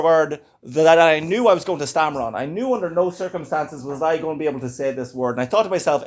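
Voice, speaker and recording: A man doing stand-up in a comedy club, telling an animated story and stammering on purpose for laughs. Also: fairly high pitch, fast, hardly any pauses, a little hiss or hum.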